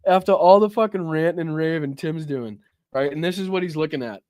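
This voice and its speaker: A man's voice: fairly high pitch, a little fast, a little mellow, no room sound. A man hosting a political livestream, reacting to clips with heated, profane, mocking commentary. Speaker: political talk show host.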